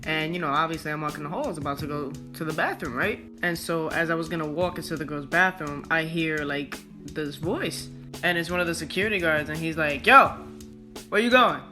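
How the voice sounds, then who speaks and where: A teenage woman in an animated, slangy casual story-time retelling. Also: deep voice, a little fast, music in the background. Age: teens.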